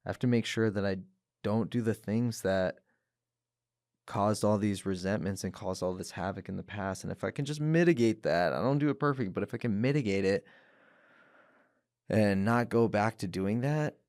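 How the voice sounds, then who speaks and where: A man with a low-pitched voice speaks earnestly as a podcast guest. He tells his story in a candid, searching way and often doubles back on his words. The sound is close and dry. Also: moderate pace, a little mellow, no echo. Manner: earnest, repeats words, acts out voices when quoting people. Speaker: podcast guest, professional fighter. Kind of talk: candid interview talk.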